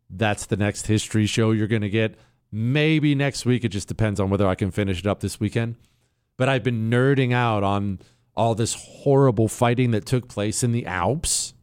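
A man hosting a casual opinion talk show, sarcastic and animated, riffing and mocking as he talks. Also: on the low side, clean tone, dry recording, clean studio sound. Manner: sarcastic, animated, riffs and mocks.

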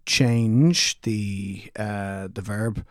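Male co-host, slightly low voice, halting and jokey; dry close recording. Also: no room sound. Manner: joking, then halting with many ums. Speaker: podcast co-host. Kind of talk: casual explanatory chat.

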